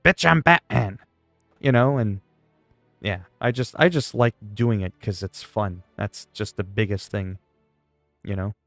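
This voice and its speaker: A man's voice: lowish voice, fairly even intonation, a little slow, no room sound, soft background music. Jokey man streaming games. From Canada. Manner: jokey, rambling, playful. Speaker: livestreamer. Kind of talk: casual chat while gaming.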